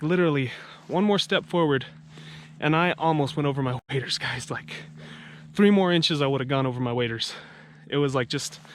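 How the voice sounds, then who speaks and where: A man's voice: on the high side, a little hiss or hum. A man filming a casual duck hunting vlog outdoors by a river, rambling to his viewers, a bit out of breath after a long walk. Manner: chatty, rambling, talks to the viewers as guys. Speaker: duck hunter vlogger.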